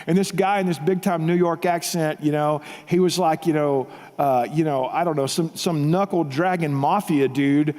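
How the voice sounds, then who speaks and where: A man gives an emphatic, animated tribute in a large hall, repeating himself and shouting out quoted lines. His voice sits a bit high for a man. A long reverb trails after every phrase. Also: moderate pace, few pauses. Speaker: pastor giving a tribute speech. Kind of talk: heartfelt storytelling speech.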